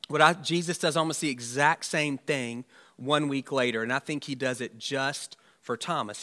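A man's voice: medium pitch, normal speed, sharp tone. A man, a pastor, preaching an Easter sermon in a conversational, musing way with rhetorical asides.

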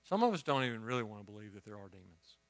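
A man preaching a sermon, telling a story with lively swings from quiet asides to loud exclamations and frequent restarts of words. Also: on the low side, very fast.

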